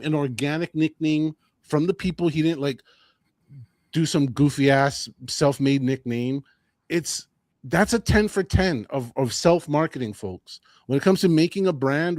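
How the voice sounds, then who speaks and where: A man co-hosting a combat sports podcast, talking in a casual, animated and opinionated way, often repeating his phrases. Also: fairly high pitch, no room sound, clean studio sound. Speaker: podcast co-host.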